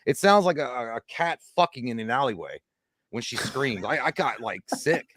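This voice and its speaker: Profane, animated man in a dry close recording. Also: mid-range voice, moderate pace, dry recording. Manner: profane, animated storytelling with mimicked voices. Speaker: co-host. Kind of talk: casual livestream chat.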